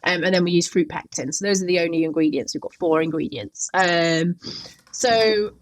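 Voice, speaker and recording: A woman's voice: lowish voice, moderate pace, dry recording. A woman from Yorkshire, a food brand founder, talking casually and keenly in an interview, with many "um"s and "like"s. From Yorkshire, England. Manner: enthusiastic, with frequent "um" and "like".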